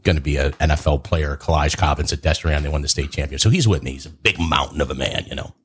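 A man's voice: extremely low pitch, quick pace, breathy edge. A man, telling a story in casual chat as host and acting out quotes in a raised voice. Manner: animated, acts out quotes in a raised voice.

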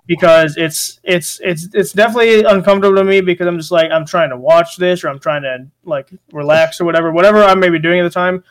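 A man's voice: sits high, fast talker, hardly any pauses. A young man hosting a casual podcast chat, rambling with lots of fillers and restarts. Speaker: podcast host.

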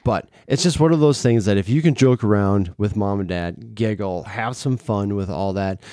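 A man's voice: lowish voice, normal speed, mellow, no echo, clean studio sound. A middle-aged man and father hosting a podcast, chatting casually in a playful, teasing way. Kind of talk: casual family chat.

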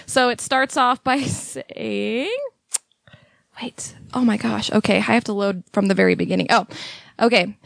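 A woman's voice: medium pitch, steady tone, moderate pace, gravelly, fairly bright tone, dry recording, studio quality. A woman co-hosting a casual chat podcast, reading out strange messages she got, laughing and swearing freely. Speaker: podcast co-host.

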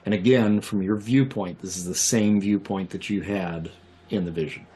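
A man with a low voice runs a tabletop game, describing each scene at an easy pace. He pauses often on fillers as he builds the picture for his players. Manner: relaxed, descriptive, with many fillers. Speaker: game master.

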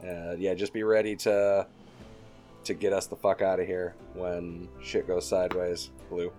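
A man's voice: low-pitched, level tone, a little slow, dark tone, soft background music. A man playing a tabletop game, joking playfully and laughing as he talks. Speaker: player. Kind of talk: casual tabletop game chat.

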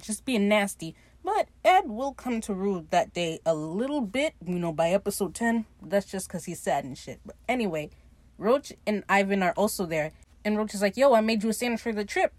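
A woman's voice: mid-range voice, lively intonation, a little fast, darkish tone, dry recording. A woman hosting a podcast, casually recapping a TV episode, swearing freely and acting out the characters' lines with laughter.

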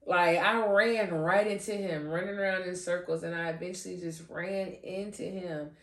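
A woman hosting a faith podcast, animated and giggly, often restarting and repeating her phrases as she trips over words. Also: fairly low pitch, normal speed, recorded from a distance. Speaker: podcast host. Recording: roomy echo, voice off-mic.

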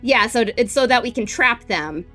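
A woman's voice: fairly high pitch, expressive, normal speed, pushed and bright, faint music behind. A woman player in a tabletop game who explains her plan hesitantly, searching for words.

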